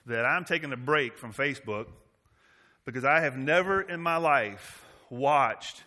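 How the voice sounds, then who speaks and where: A man's voice: medium pitch, bright, forceful tone. A man from Massachusetts preaching a sermon to his church, emphatic, with his volume rising and falling. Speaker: pastor.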